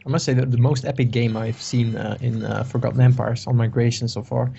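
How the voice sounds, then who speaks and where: A man's voice: medium pitch, level tone, fairly quick, creaky, dark tone, slight background noise. A man casually commentating a strategy game match, chatty, with frequent fillers and laughs. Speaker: game caster. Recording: dull lo-fi stream audio.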